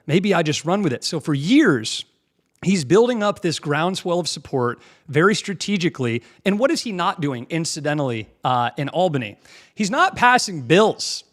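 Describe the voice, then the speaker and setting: A young man hosting a political commentary show, combative and mocking, pausing to mimic clips he plays. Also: on the high side, lively intonation.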